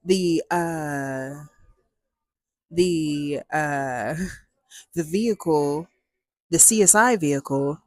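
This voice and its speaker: A woman hosting a casual storytime vlog, talking in a playful, animated way and acting out dialogue with big jumps in her voice. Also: on the low side, no echo. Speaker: storyteller host.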